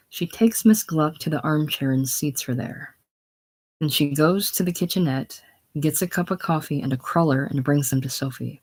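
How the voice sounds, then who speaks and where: An unhurried reader works through a play's stage directions in a casual, plain way. The voice sits at an ordinary middle pitch.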